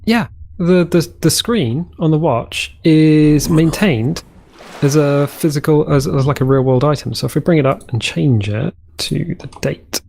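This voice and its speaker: A man's voice: a little high, unhurried, gravelly, a little mellow. A man giving casual, chatty commentary over his own gameplay, easily delighted and trailing off mid-sentence as he explores. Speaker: let's play host.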